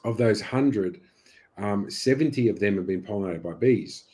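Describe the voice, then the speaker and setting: Man, australian accent, lowish voice, mellow tone, halting with lots of ums, podcast guest. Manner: halting, many fillers and restarts. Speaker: beekeeper guest. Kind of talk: casual podcast interview.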